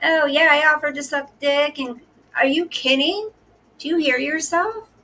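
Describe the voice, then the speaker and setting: A woman putting on a mocking impression of a whiny, self-pitying young woman who fake-sobs in a high, breathy wail. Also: measured pace, pushed and bright, exaggerated voice, poor audio. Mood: mock-tearful.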